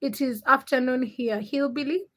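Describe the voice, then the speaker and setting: A woman's voice: sits high, normal speed, a bit bright. A young woman hosting a casual livestream, teasing her chat and reading out viewers' names. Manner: teasing and laughing, reads chat names aloud. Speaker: livestream host.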